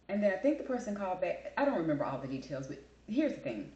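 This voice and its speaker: A woman's voice: mid-range voice, lively intonation, fast, warm tone, lo-fi sound. Woman host, blunt and emphatic, chatty storyteller, mid-range voice in an echoey room. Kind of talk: casual chat.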